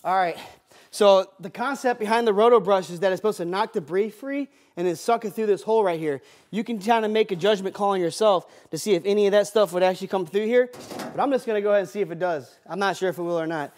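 An excitable man with a Midwestern American accent talks through a hands-on duct cleaning demo in a basement. His voice sits very high, and he is loud and jokey. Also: fast talker, slight background noise. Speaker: air duct cleaning expert.

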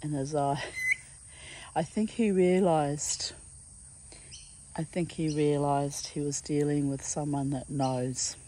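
New zealand lady, slow intense storytelling, dark humor, low voice. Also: steady tone, slight background noise, rough recording. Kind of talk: casual monologue.

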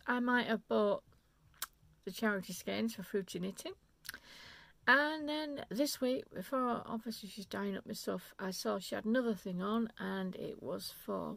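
This knitting vlogger has a mid-range, somewhat bright voice with vocal fry. She rambles excitedly while displaying yarn in an unscripted vlog, often interrupting her own thoughts.

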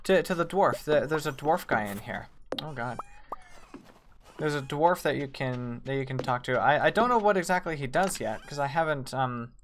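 A woman streaming a game, chatting with viewers as she plays, with sudden excited squeals. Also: a little hiss or hum. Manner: chatty, reads and answers chat while playing; excitable, quick bursts of high squeals. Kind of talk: live gameplay commentary. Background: faint game music.

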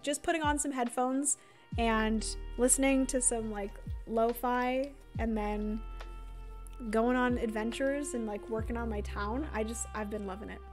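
Chatty high-voiced young woman streamer. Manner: chatty, filler-heavy, reads and answers chat. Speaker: streamer playing a solo board game. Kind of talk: casual livestream chat.

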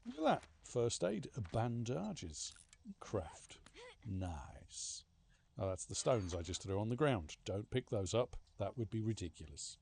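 Guy playing a game, gravelly voice, lively pitch, slow drawl, faint hiss behind. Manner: chatty, sarcastic, talks to game characters, mock-panicked outbursts. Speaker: gaming streamer. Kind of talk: casual let's-play commentary.

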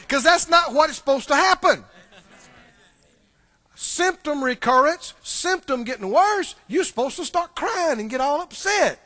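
A man's voice: extremely high pitch, big pitch swings, normal speed, pushed and bright. A male preacher giving a sermon, animatedly quizzing the congregation in a church.

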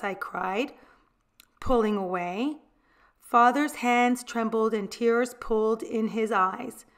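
A woman reading a picture book aloud, gentle storytelling that gives voice to the characters. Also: medium pitch, steady tone, slow. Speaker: storybook reader.

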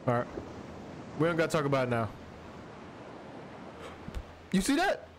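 Young male streamer, slightly high voice with wide swings, animated and jumpy while playing a horror game, faint background hiss. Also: normal speed. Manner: animated and jumpy, talking to the game character, slangy. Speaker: gaming streamer. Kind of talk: horror game playthrough commentary.

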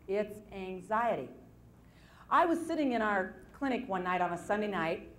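A woman gives a motivational talk to a live audience, retelling stories with lively repetition. Her voice sits at an ordinary middle pitch. She speaks like a seasoned self-help presenter. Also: normal speed, slight background noise. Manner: storytelling, lively retelling with repeated phrases.

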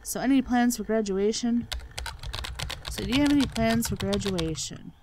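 A woman hosts a let's play channel, offering sarcastic gaming commentary full of swearing and mocking the game's dialogue. Her voice is fairly high at a moderate pace, and the recording is very noisy.

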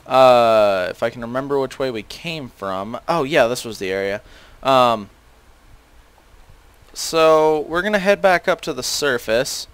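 A man's voice: mid-range voice, animated, measured pace, a bit bright, clean tone, no echo. A teenage boy casually commentating a video game, rambling with many fillers and self-deprecating asides. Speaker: gaming channel host.

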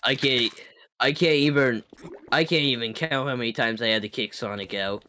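A man playing a bartender in an improvised bit on a game stream, pushing his voice lower and drawling. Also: moderate pace, sharp tone, slight background noise, lightly acted. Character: gruff adult male bartender.

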